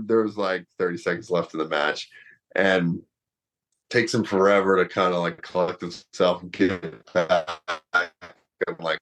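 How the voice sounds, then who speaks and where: His voice sits low with a slightly bright edge as this man, in his thirties and once a wrestler and fighter, casually spins a long story. It's rambling, packed with fillers, and punctuated by his own laughter.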